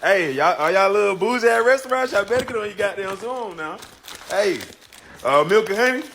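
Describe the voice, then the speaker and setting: A man in a comedic social media clip, talking loudly in a mocking, taunting way. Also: high-pitched, expressive, brisk, a little hiss or hum.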